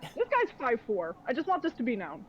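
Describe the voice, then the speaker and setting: Young woman game master, loose rambling narration, higher pitch, lo-fi recording. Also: huge pitch swings, fairly quick, a loud crowd. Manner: rambling, filler-heavy, laughing often. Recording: dull lo-fi audio.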